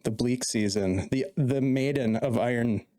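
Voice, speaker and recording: A man's voice: medium pitch, measured pace, dark tone. A man hosting a tabletop game podcast as dungeon master, with playful, teasing banter. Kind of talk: casual podcast chat.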